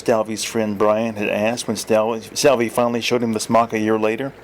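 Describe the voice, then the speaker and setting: A man's voice: normal speed, a little hiss or hum. A man reading his own story aloud in first-person narration, giving each character a voice. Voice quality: lively, voices many characters in raised pitch.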